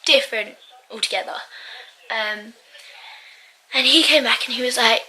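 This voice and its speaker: Bright chatty young woman vlogging. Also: fairly high pitch, slow, pauses often, slightly rough, low-quality recording. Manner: chatty, rambling, frequent ums and little laughs. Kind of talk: casual chat vlog. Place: bedroom.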